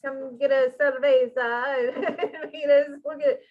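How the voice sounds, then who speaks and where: A woman's voice: high-pitched, fairly even intonation, slow. A woman co-hosting a spiritual channeling show, chatting in a giggly, teasing way. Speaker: channeler and co-host. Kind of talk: casual chat. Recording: dull lo-fi audio.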